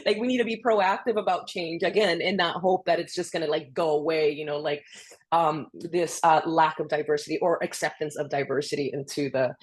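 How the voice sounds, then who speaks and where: Lively low-voiced woman telling stories. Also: brisk. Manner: animated, peppered with "you know" and restarts. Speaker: guest speaker, orchestra conductor. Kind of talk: casual storytelling on a video webinar.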